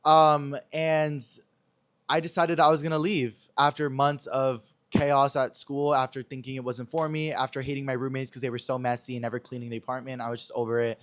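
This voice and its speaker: A man's voice: medium pitch, level tone, brisk, no echo. A young man hosting a podcast, telling a personal story in a chatty, dramatic way full of slang and acted-out dialogue. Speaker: podcast host. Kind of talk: casual storytelling chat.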